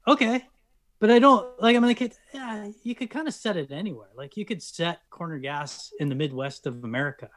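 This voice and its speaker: High-voiced Canadian man, lively. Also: brisk, few pauses. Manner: animated, restarts often, chuckles through points. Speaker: guest, cast member of a sitcom. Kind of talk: casual conversation.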